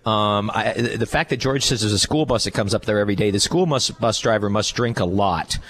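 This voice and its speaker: A man's voice: lowish voice, a little fast, fairly bright tone, slight background noise. A man co-hosting a travel radio show, telling stories with enthusiasm and jokes. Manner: enthusiastic, joking storyteller. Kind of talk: radio chat.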